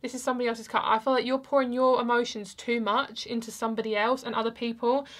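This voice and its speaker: A young woman with a slightly high voice talks her way through a tarot card reading for her viewers. She rambles in a soft, chatty way, full of fillers and restarts, as if thinking aloud. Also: flat delivery, fast. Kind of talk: casual tarot reading vlog.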